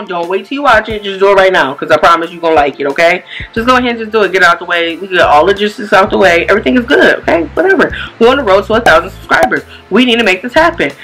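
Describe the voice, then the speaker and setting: A woman hosting a casual reaction video, loud and animated, laughing and cursing as she comments. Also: mid-range voice, fast, faint music behind, poor audio.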